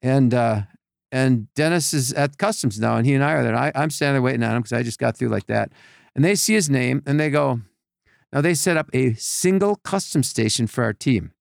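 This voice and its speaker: Guy with a gravelly voice spinning a story, does the voices, dry close sound. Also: mid-range voice, brisk, dry recording. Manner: animated storyteller, acts out voices, many restarts. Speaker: podcast guest telling stories. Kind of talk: casual storytelling chat.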